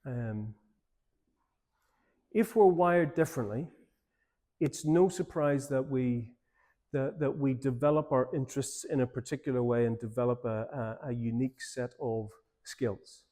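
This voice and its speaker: A man with an Irish accent, a pastor telling a personal story in a church seminar talk, in an informal, animated way. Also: medium pitch, a little slow. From Ireland.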